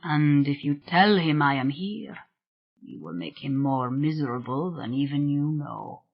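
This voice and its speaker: A sorrowful male spirit speaks in a low, vibrant whisper with a Scottish accent, voiced by an audiobook reader. He draws out every word slowly, seductive yet possessive. The recording sounds dull and muffled. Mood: hushed longing.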